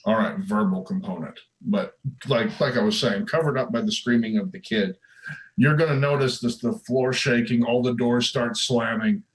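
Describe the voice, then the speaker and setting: Casting: relaxed male game master, mid-pitched, unhurried narration of a tabletop session. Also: low-quality recording.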